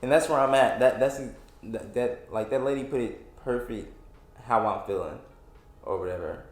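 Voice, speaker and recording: Here the podcast host, a man in his twenties, speaks at medium pitch and a moderate pace in a roomy-sounding space. His solo show is a casual rant, rambling and exasperated, with plenty of restarts and fillers.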